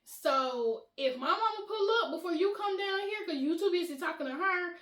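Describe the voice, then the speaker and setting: A young woman vlogger telling a casual storytime to her viewers, chatty and animated, often laughing and addressing them as y'all. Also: very high-pitched, moderate pace. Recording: roomy echo.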